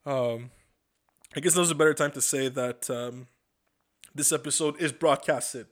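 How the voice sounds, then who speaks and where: A man's voice: mid-range voice, fairly even intonation, a little slow, long pauses. A man hosting a podcast, telling rambling, profane stories with lots of stammered restarts. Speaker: podcast host. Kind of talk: casual comedic monologue.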